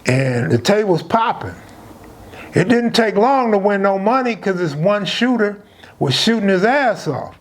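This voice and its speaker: A man's voice: high-pitched, very animated, unhurried. A man telling a true street story in a casual, slang-filled conversational way.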